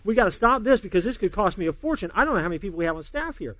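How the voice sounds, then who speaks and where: A middle-aged pastor preaching with a lively, high voice that swings up and down as he acts out each side of a story. The sound is dry and close, with no room around it, and he laughs along with his own tale. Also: very fast, few pauses, no room sound. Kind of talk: sermon with a humorous personal story.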